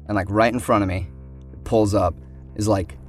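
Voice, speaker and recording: Man telling a story, animated. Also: lowish voice, moderate pace, soft background music. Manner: animated, acts out other people's lines. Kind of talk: casual storytelling.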